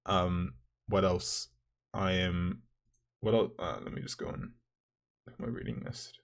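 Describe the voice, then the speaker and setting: A young man, a university student, rambling and ranting in a vlog with lots of swearing and filler words, his voice rough from the morning. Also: deep voice, fairly even intonation, measured pace. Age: young adult.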